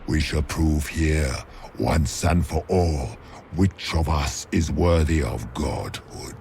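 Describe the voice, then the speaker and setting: A man's voice: extremely low pitch, slow pace, darkish tone, a little hiss or hum, full character voice. An actor playing an ancient, menacing male villain who claims godhood, speaking in a grandiose, contemptuous way in a game. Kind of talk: game voice acting.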